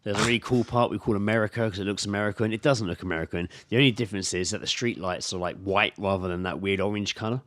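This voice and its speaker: A man's voice: fairly low pitch, fast talker, few pauses, a bit bright, no room sound, clean studio sound. A young man co-hosting a podcast, drunk, chatting loosely and laughing easily. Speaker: podcast co-host. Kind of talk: casual chat.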